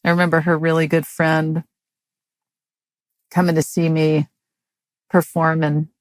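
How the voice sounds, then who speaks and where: Low-voiced woman with a dry, halting delivery. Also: little pitch movement, no room sound. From Mississippi, US. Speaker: guest, comedian. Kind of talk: casual interview chat.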